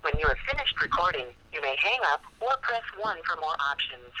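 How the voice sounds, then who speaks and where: This is someone playing an automated voicemail system, heard over a phone speaker. The tone is sharp and bright, and the line sounds thin and tinny. It moves through its pitches in a lively, practiced way. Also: female voice, fairly quick, slight background noise, full character voice. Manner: flat recorded announcement.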